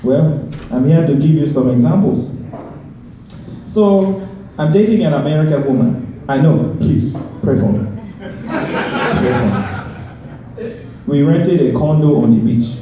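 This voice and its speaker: A man doing stand-up in a put-on Nigerian accent, delivering slow, deliberate punchlines with repeated refrains. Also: on the high side, warm tone, lightly acted. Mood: deadpan. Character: man with a thick Nigerian accent, deadpan storyteller. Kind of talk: stand-up comedy. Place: live comedy venue. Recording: echoey stage mic from far off with crowd noise.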